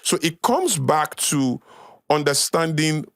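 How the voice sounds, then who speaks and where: A man's voice: a little high, lively intonation, slow, a bit bright, no room sound, clean studio sound. A man with a Nigerian accent, a podcast guest lecturing in a conversational way, repeating key phrases for emphasis. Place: podcast studio.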